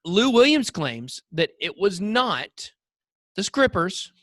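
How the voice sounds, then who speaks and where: A man's voice: sits high, big pitch swings, slow, fairly bright tone, no room sound, clean studio sound. A man co-hosting a podcast, telling rambling, jokey stories with lots of fillers. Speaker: podcast co-host. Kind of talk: casual chat.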